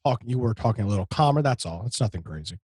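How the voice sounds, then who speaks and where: A husky-voiced man co-hosting a tech talk show, rambling through a software tip with frequent restarts and light joking. The sound is dry and close, with no room around it. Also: on the low side, lively intonation, fast, no echo. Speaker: co-host.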